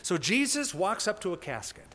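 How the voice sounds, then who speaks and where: A male pastor delivers a sermon in a church sanctuary, with a voice that sits a little high for a man. He teaches conversationally, stressing key words and lifting his energy for emphasis, and the sound carries a long hall reverb. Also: sing-song, moderate pace, bright, forceful tone.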